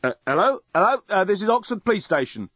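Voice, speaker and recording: A man's voice: sits high, sing-song, fast talker, fairly bright tone, no echo, voice pushed up, full character voice. A man voicing an insistent male police desk officer heard over a phone line, repeating his greeting.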